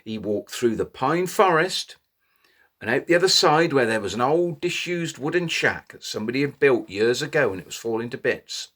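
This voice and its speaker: A man telling a children's story in an animated way, inviting little listeners to join in. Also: medium pitch, normal speed. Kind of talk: interactive children's story reading.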